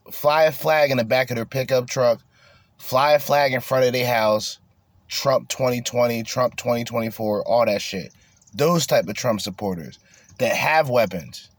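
A man's voice: mid-range voice, no echo. A man hosting a casual podcast, ranting bluntly and crudely with lots of swearing. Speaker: podcast host.

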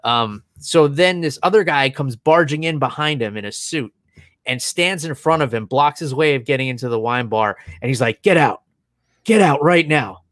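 A man in his thirties co-hosting a show, relating a story in a loose, chatty way. He chuckles often and leans on fillers. His voice sits at a middle pitch, and the sound is dry and close. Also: normal speed, a bit bright, no echo. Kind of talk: casual anecdote telling.

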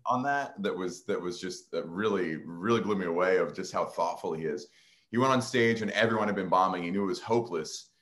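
A man's voice: low-pitched, brisk, a bit bright. A man hosting a casual podcast chat, thoughtful and analytical, laughing easily as he talks.

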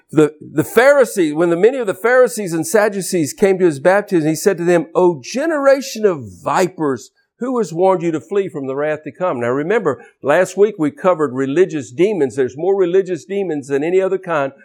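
A male preacher delivering a fiery, scolding sermon in a high voice that leaps all over the place. He drives his points hard, rising loud and then dropping low.

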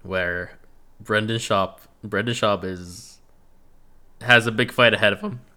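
Chill guy with a bright, slightly low voice, chatty podcast cohost. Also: unhurried. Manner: laid-back storytelling, acts out quotes, laughs often. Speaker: podcast co-host reviewing a reality show. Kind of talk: casual chat.

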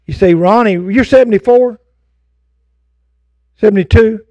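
Older preacher guy, real high voice, dry close sound, folksy and fired up. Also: a little slow, darkish tone, dry recording, muffled recording. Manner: fervent preaching, folksy asides to the congregation. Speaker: pastor. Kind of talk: sermon. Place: church sanctuary.

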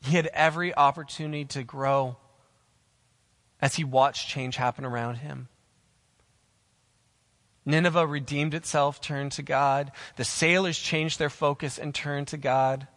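A man's voice: medium pitch, a bit bright. Pastor guy preaching to camera, punchy and emphatic, big echoey church sound. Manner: emphatic, repeats key phrases. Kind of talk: sermon to camera for online viewers. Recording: long reverb hall.

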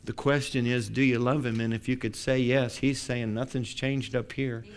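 A man's voice: medium pitch, flat delivery, moderate pace, clean tone. A man preaching a sermon as pastor, building to emphatic declarations.

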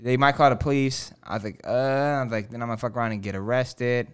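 Fast-talking rambling man telling a story. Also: medium pitch, fairly even intonation, clear, resonant tone. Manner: rambling, loose, profane storyteller with many fillers. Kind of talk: casual storytelling among friends.

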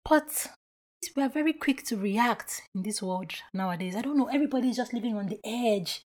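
A woman's voice: a little high, fairly quick. A woman hosting her own podcast, talking through her thoughts in a casual, reflective solo monologue full of fillers. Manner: animated storyteller who acts out quoted voices; chatty and reflective with frequent filler words. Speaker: podcast host.

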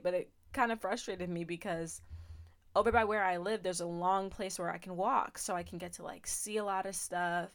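A woman's voice: fairly low pitch, fairly even intonation, normal speed, a bit bright. A young woman hosting a podcast, telling a personal faith testimony in an earnest, emotional way, with lots of fillers. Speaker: podcast host.

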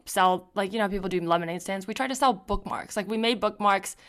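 A young woman hosts a loose, casual chat in a playful way, laughing often. She asks questions and riffs on the answers in an ordinary mid-pitched voice. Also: fairly quick, fairly bright tone.

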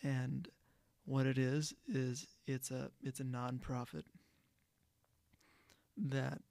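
A man's voice: mid-range voice, level tone, slow, gravelly, darkish tone, dry recording. A man hosting his own podcast, talking casually and rambling, often restarting and correcting himself. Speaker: podcast host. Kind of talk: casual solo podcast talk.

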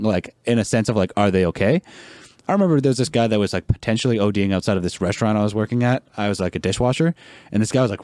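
Lively, swearing young man, low voice. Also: dry recording. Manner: animated storyteller, swears freely, laughs often. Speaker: guest. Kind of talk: casual podcast chat.

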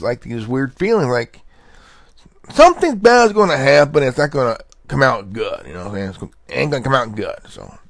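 A man's voice: medium pitch, vocal fry, no room sound, studio quality. A man rambling through a casual monologue, laid-back and profane, full of slang and fillers. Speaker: podcast host.

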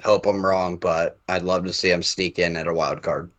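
A man co-hosting a casual sports podcast, talking haltingly and restarting his sentences. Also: low-pitched, steady tone, fairly bright tone. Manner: halting, many fillers and restarts. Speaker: podcast co-host.

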